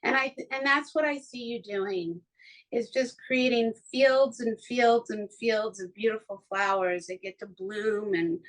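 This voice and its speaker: A woman's voice: a little high, low-quality recording. A woman hosting a podcast from her home studio, chatting casually in an effusive, emotional way, with many restarts. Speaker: podcast host. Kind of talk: casual chat.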